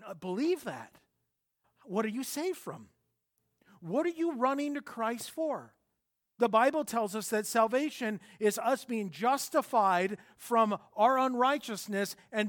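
A pastor with a notably high voice delivers a sermon in an earnest, conversational way. He drops to near-hushed lines, then rises to emphatic points, with restarts and fillers along the way. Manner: earnest preaching, swinging between soft and emphatic.

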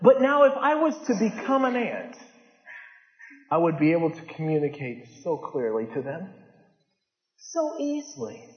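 Impassioned high-voiced preacher in a hall. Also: male voice, lively intonation, normal speed. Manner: impassioned, swings from loud urgent peaks to low hushed lines. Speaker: pastor. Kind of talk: sermon. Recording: dull lo-fi sound in a large reverberant hall.

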